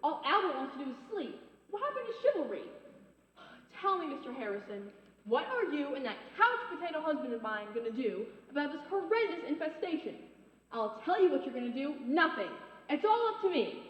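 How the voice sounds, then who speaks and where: Woman acting as a high, swoopy, outraged neighbor lady bossing everyone around, church skit, echoey muffled hall. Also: sing-song, a little fast. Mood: exasperated. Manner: shrill, theatrical, scolding. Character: bossy, dramatic middle-aged woman neighbor, easily outraged. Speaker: stage actor. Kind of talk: church stage comedy skit. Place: high school theater stage.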